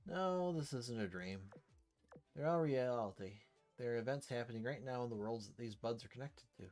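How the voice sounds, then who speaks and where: A man's voice: medium pitch, a little mellow. A man reading a game story aloud, narrating in first person with shifting dramatic intensity. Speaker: story reader. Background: faint background music.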